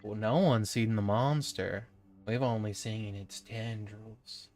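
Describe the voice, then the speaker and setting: A man's voice: lowish voice, steady tone, slow pace. A man voicing a folksy talking bird with a Southern accent that perches on a carriage driver's shoulder. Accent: American Southern.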